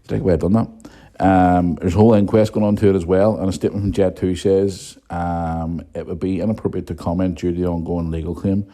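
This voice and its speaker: A blunt Northern Irish man in his thirties hosts a podcast and rants freely, with swearing scattered through his casual talk. His voice sits low and sounds dark and mellow. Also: fairly even intonation, a little fast. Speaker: podcast host. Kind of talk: casual ranting monologue.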